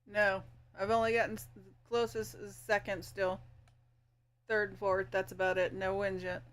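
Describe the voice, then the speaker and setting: A woman's voice: medium pitch, level tone, moderate pace. A woman streaming a game, chatting casually while fixing her setup and laughing easily. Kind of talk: casual gaming chat. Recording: faint background noise.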